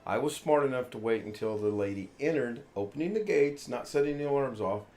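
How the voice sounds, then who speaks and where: A US show host with an expressive, slightly mellow mid-range voice talks fairly quickly on a casual live chat. He meanders through a long anecdote, acting out other people's words along the way.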